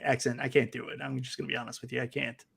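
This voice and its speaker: A man's voice: medium pitch, little pitch movement, rapid-fire, creaky, fairly bright tone, slightly rough. A man co-hosting a casual gaming podcast, joking and trash-talking. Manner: playful trash talk. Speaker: co-host.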